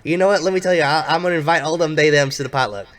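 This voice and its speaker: A man's voice: a little high, very fast, fairly bright tone, voice pushed up, lightly acted. A man voicing a kind-hearted Southern man who is an effusive liberal ally, with a thick American Southern accent and a folksy drawl.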